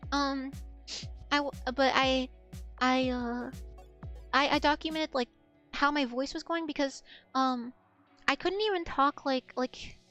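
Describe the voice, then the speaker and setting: A woman's voice: high voice, a little slow, long pauses, fairly bright tone, faint music behind. A young woman streamer chatting candidly in a loose, rambling way that often trails off. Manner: rambling, candid, trailing off into repeated "I don't know". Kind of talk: casual stream chat.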